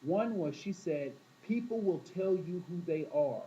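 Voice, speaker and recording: Mellow-voiced man teaching a class. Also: sits high, expressive, a little slow, dull audio, a little hiss or hum. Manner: storytelling, asks the class questions, acts out quoted voices. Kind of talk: classroom talk to students.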